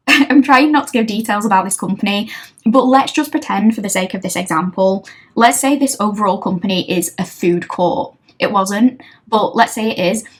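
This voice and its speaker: A young woman, a tarot reader casually telling a story to camera, chatty and wry, often laughing. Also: mid-range voice.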